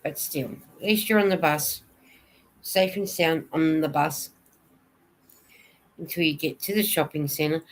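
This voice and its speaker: A woman's voice: deep voice, a little slow, pauses often. A woman hosting a casual livestream, chatting and answering viewer comments. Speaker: knitting vlogger hosting a livestream.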